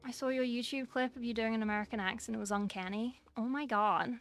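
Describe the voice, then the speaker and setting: Brief: young woman streamer, slightly high voice, chatty, faint music underneath. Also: steady tone, fast talker. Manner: chatty, reading and answering chat aloud. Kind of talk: casual livestream chat while painting miniatures. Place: small room at home.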